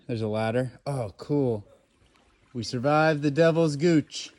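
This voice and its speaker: A man vlogging his long-distance hike in a casual, wry, deadpan way, talking outdoors on a forest trail. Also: medium pitch, slow pace. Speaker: long-distance hiker filming his trek. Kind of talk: casual hiking vlog narration.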